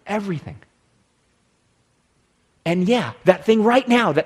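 A man preaching with a slightly husky, breathy voice pitched a little high. He speaks slowly and deliberately, climbing to loud emphatic declarations and then sinking to hushed words as he leads his listeners in prayer. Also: animated. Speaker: pastor. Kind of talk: sermon.

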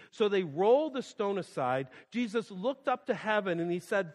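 Male pastor, slightly high voice, impassioned sermon delivery with loud-to-hushed swings, long reverb. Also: lively intonation, moderate pace, few pauses. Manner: repeats phrases for emphasis.

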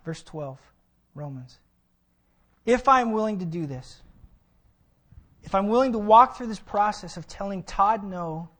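Bright-voiced man preaching a sermon. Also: high-pitched. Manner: emphatic preaching with vivid storytelling. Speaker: pastor.

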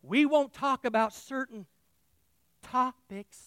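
A man preaching a sermon as pastor, passionate and folksy, swinging between shouting and hushed reading. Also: extremely high pitch, takes it slowly, clear, resonant tone, no room sound. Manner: folksy and emotional.

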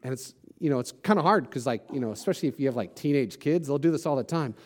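A man's voice: medium pitch, expressive, quick pace, a little mellow. A man preaching a sermon as a pastor, casual and conversational, with self-deprecating jokes and lots of "like" and "you know".

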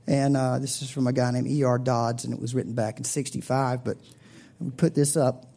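A man preaching a sermon, telling a story with big swings in pitch and loudness and dropping to a breathy whisper at tender points. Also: flat delivery, fairly quick. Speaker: pastor.

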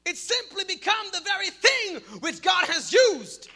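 A man preaching a sermon, shouting in bursts and then dropping to quiet prayer. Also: extremely high pitch, sing-song, unhurried. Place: church hall. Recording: long hall reverb with music behind.

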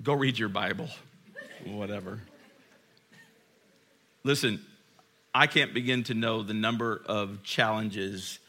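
A man preaching a sermon in a church, chatty and self-deprecating, telling stories and sinking to a hushed, earnest tone. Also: on the low side. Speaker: pastor.

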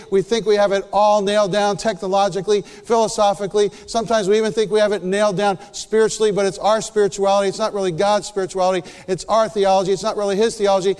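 A man preaches a sermon in a high, smooth voice, telling a story with animated energy before dropping to a hushed, near-whispered delivery. A long reverb tail follows his words.

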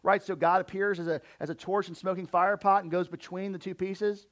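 High-voiced male pastor, emphatic sermon. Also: fairly quick. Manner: emphatic, repeats words when excited.

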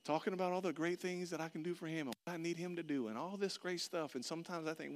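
A man preaching a sermon, telling a personal story with lively swings between loud outbursts and hushed, earnest passages. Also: fairly high pitch, quick pace, few pauses. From Florida. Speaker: pastor.

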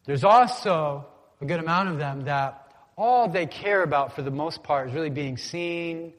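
Man, pastor, conversational sermon, congregation call-and-response, fairly high voice, long hall reverb. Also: moderate pace. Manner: conversational, asks congregation to repeat words. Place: church sanctuary.

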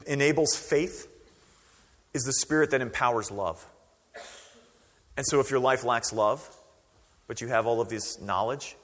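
A man preaching a sermon as pastor, conversational and animated, acting out quoted voices. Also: medium pitch, in a large hall.

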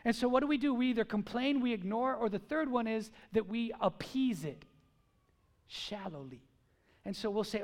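A man preaching a sermon to his church, animated and full of rhetorical questions. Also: high-pitched, normal speed. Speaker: pastor. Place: church service.

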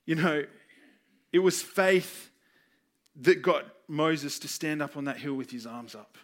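A man delivers a sermon in a fairly high voice, earnest and personal. He tells scripture stories and his own experience, and slips into the voices of the people he quotes. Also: unhurried. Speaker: preacher.

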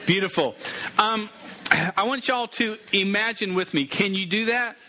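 Youth pastor guy, high bright voice, joking around with the kids. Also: moderate pace, slight background noise. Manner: playful, interactive, calls out to the group. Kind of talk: casual sermon.

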